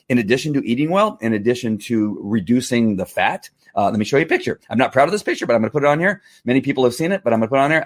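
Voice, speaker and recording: Animated middle-aged man, casual testimonial. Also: medium pitch. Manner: animated, acts out angry outbursts, many fillers and restarts. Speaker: vlogger selling wellness products.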